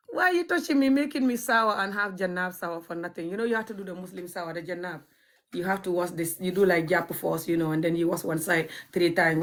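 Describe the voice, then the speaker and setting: A woman from Gambia with a Gambian accent, chatting casually to her viewers, blunt and cheeky and often breaking into laughter. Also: fairly low pitch. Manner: cheeky, frank and outspoken. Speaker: vlogger. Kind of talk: casual storytelling chat.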